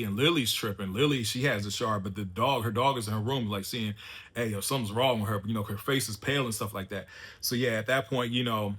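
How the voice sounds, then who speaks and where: A man recaps a TV episode in an easygoing review. His voice sits mid-range with a bright, forward edge. He talks loosely, in slang, and strings his thoughts together with fillers. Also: mid-range voice. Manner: loose and chatty, slangy, many fillers like "you know" and "man". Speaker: TV show reviewer. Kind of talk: casual spoken episode recap.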